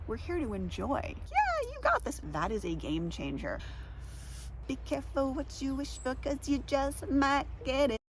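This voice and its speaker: A woman's voice: high-pitched, normal speed, background noise. A woman vlogger chatting casually outdoors, rambling, giggling and tripping over her words. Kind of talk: rambling casual vlog talk.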